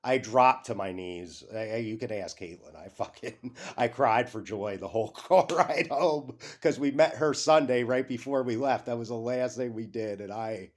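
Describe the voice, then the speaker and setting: A young man hosting a casual vlog, rambling and excitable, swearing freely and jumping off on tangents. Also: medium pitch, normal speed. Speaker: YouTube channel host.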